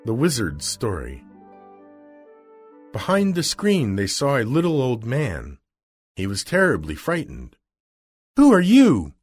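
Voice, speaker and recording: A man narrating a storybook chapter aloud in a slow, measured way. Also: mid-range voice, wildly swooping pitch, slightly rough, faint music behind.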